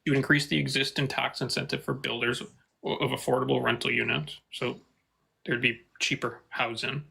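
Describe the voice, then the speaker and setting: Gravelly, bright-toned young man debating. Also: medium pitch, little pitch movement, low-quality recording. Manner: hesitant, halting, reads figures aloud. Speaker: debate opponent. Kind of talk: online debate, reading notes aloud.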